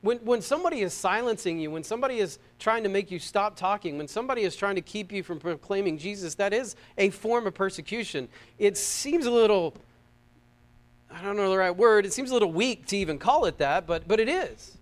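High-voiced, fervent American preacher man. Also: animated, a little fast. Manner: fervent, rising to loud emphatic peaks and dropping to soft asides; repeats words and phrases. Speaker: pastor. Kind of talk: sermon.

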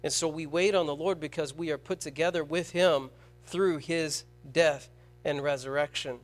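A high-pitched male preacher delivering a sermon to his congregation. He punches key words loudly, then drops to a hushed, slow tone whenever he reads scripture. He often turns to the crowd with rhetorical questions. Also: steady tone. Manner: swings from loud emphatic stress to quiet, slow scripture reading.

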